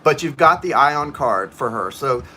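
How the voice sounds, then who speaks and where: A man's voice: mid-range voice, animated, unhurried, sharp tone, slight background noise. A man giving tarot readings on a live stream, chatting and rambling to viewers in the chat. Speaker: tarot reader.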